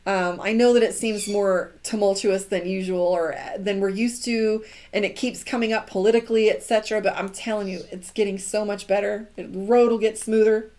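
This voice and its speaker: A woman's voice: mid-range voice, fairly even intonation, moderate pace, hardly any pauses, a little mellow. A middle-aged woman giving a casual live tarot reading, chatty and encouraging. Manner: chatty and encouraging, acts out quoted lines. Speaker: tarot reader.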